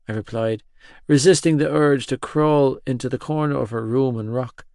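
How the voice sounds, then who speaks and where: A man narrating a romance audiobook in the first person, in a gruff, awkward manner with frequent swearing. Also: medium pitch, normal speed, a little mellow, no room sound, studio quality.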